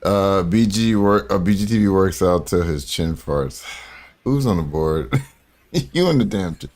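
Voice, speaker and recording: Crude, joking male streamer, lively voice. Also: low-pitched, unhurried. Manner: crude, joking, laughs often. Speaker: streamer reacting to a video. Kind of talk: casual live-stream commentary.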